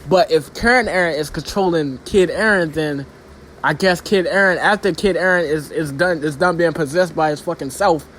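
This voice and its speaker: Rambling, profane young man, higher voice. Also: normal speed, fairly bright tone, a little hiss or hum. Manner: rambling, profane, heavy filler phrases. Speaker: manga reviewer. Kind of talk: casual unscripted review.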